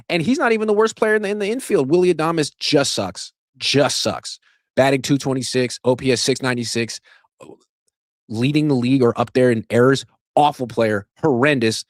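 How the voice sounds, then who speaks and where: Male sports host, lower voice, sarcastic ranting commentary, close dry mic. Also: no echo. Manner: animated, sarcastic, swears, rants at length.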